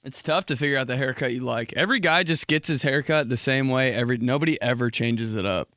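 A young man hosting a solo podcast, rambling and profane, breaking into loud impressions. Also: mid-range voice, quick pace, no echo, studio quality. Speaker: podcast host. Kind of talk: casual solo podcast monologue.

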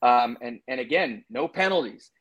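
A man's voice: medium pitch, animated, moderate pace, a bit bright, lo-fi sound. A man co-hosting a podcast, giving his betting picks in loose, chatty talk full of fillers and asides. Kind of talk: casual sports-betting chat.

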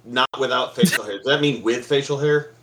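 A man's voice: medium pitch, fairly quick, fairly bright tone. A man co-hosting a casual podcast chat, ribbing and egging on his friends. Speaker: podcast co-host. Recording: roomy echo.

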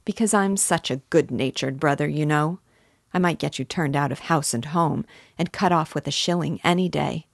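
A sneering, half-drunk young man taunts his brother in a mocking tone, voiced low by a woman reading a storybook aloud. The sound is close and dry, with no room around it. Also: moderate pace, creaky, dry recording.

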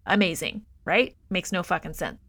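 A woman co-hosting a podcast, recapping a film in a profane, exasperated, animated way. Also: on the low side, normal speed, vocal fry, dry recording. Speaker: podcast co-host. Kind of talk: casual movie review chat.

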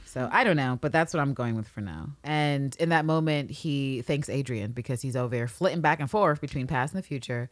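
A woman co-hosting a podcast, recapping an episode in casual chat, animated and swearing freely as she acts out the characters. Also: extremely low pitch, fairly quick, hardly any pauses, dry recording. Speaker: podcast co-host.

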